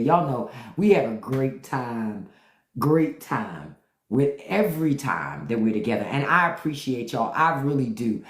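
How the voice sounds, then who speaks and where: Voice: mid-range voice, echoey room. A livestream host chatting casually with viewers, telling stories in a loose, profane way, often laughing and humming disapproval. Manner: loose, profane storytelling with frequent laughter and hums.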